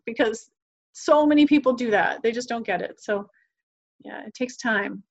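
A woman's voice: fairly high pitch, fairly even intonation, moderate pace, lo-fi sound. A woman guest on a podcast talking earnestly about parenting, acting out quoted conversations as she tells stories. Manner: earnest, enthusiastic, acts out quoted dialogue. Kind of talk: podcast interview, animated storytelling.

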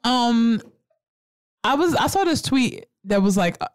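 A woman's voice: fairly high pitch, measured pace, no echo, studio quality. A woman co-hosting a podcast, chatting casually, blunt and profane as she tells stories with lots of energy. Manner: blunt, profane, animated storytelling. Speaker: podcast co-host. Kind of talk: casual chat.

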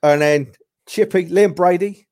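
A man's voice: sits high, measured pace, mellow. A man in casual chat, reminiscing about favourite players, rambling with chuckles and restarts. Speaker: podcast guest, football fan.

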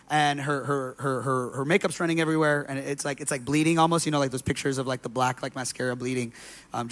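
A male pastor delivers a sermon in a slightly higher-than-usual voice. He tells stories conversationally, with plenty of fillers and loose asides. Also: a bit bright. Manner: conversational preaching, storytelling with many fillers.

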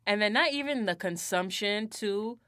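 Young AAVE-co-host, bright crisp voice, dry close mic, quick joking asides. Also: mid-range voice, no echo. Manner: quick quips, laughing asides. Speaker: podcast co-host. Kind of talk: casual chat.

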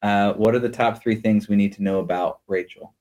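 A man hosting a church podcast, chatting casually and joking as he asks his guest quick questions. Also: lowish voice, steady tone, darkish tone. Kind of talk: casual chat.

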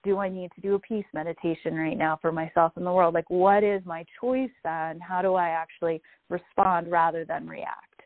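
A woman calmly explaining ideas about emotions and mindfulness in a reflective, gentle manner. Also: on the low side, moderate pace, dry recording. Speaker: guest speaker. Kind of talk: spiritual wellness talk. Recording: tinny phone-line audio, dry.

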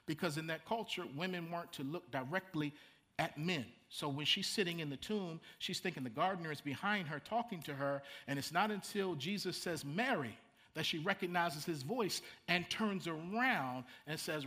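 A man's voice: on the high side, normal speed, bright, forceful tone. A middle-aged man, preaching a sermon in a conversational way, repeating words and making asides to the congregation. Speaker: pastor.

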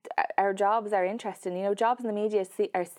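A woman's voice: medium pitch, steady tone, fast talker, darkish tone. A woman, a journalist chatting as a guest, talking with lots of fillers and restarts. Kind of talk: casual interview chat.

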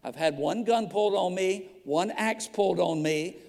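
A man's voice: high voice, normal speed, gravelly, a little mellow. A man in his fifties, a pastor preaching a sermon with humorous stories that rise to fervent preaching. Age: 50s. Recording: long reverb of a church hall.

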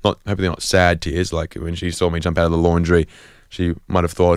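This Australian community radio host delivers a rambling, self-mocking comic monologue full of fillers and false starts. His low voice is completely flat and fairly quick, with a clean, studio-quality sound and no room echo.

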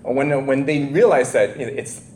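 A man preaching an informal sermon as a pastor, talking haltingly with many fillers and restarts and laughing at himself. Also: medium pitch, darkish tone, slight background noise. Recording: echoey room sound.

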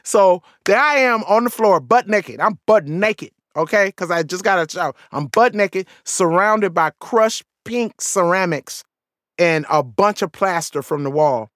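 Animated, laughing woman in her fifties. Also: on the low side, a little slow, no echo, clean studio sound. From Southern United States. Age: 50s. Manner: animated storytelling, frequent laughs, profane. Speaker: author reading her memoir. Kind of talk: comic memoir audiobook narration.

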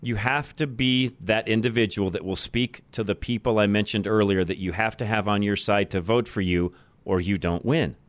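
A talk radio host from the United States delivers a blunt, opinionated monologue, repeating points for emphasis. His voice sits on the low side with fairly even intonation and a moderate pace, and the studio mic picks up no room sound.

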